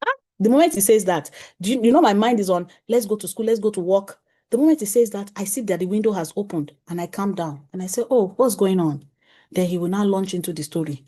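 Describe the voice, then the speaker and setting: A woman gives a conference talk to parents as a parenting coach. She speaks in an animated way, chuckles often, and acts out exchanges with her family. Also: medium pitch.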